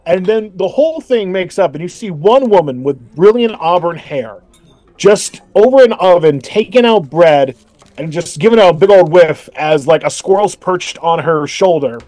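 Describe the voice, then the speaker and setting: High-voiced, rambling game master. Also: male voice, lively intonation, normal speed, a little mellow, dry recording. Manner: rambling, self-correcting with fillers. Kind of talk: narrating a tabletop game.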